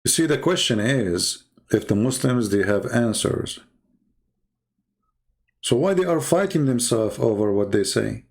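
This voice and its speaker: Gravelly man taunting his viewers. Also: medium pitch, expressive, unhurried. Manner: combative, challenging, mocking. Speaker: livestream host. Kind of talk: taunting livestream monologue.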